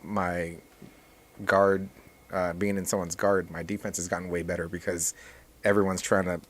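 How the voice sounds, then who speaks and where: Deep-voiced man chatting casually. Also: normal speed. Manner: relaxed, rambling, many restarts and fillers. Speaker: jiu-jitsu instructor and guest. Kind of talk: casual podcast chat.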